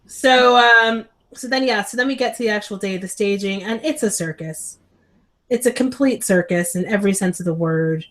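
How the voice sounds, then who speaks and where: A woman co-host gives her take on a show in loose, conversational chat, dotted with ums and likes. Her voice is bright and crisp at a middling pitch, carried over a video call. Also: normal speed. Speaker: podcast co-host. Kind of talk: casual chat recap.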